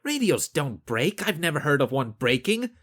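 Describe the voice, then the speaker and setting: A man voicing a blunt, skeptical young woman on a spaceship crew, pitching his voice up into a lighter register. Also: sing-song, normal speed, fairly bright tone.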